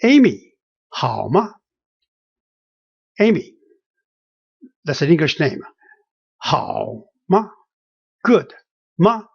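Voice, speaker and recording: A husky-voiced teacher leads a beginner lesson at a slow, careful pace, repeating every phrase and pausing on fillers. The pitch swings widely while modelling each word. The sound is dry and dull, like a lo-fi home recording. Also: no room sound. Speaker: language teacher.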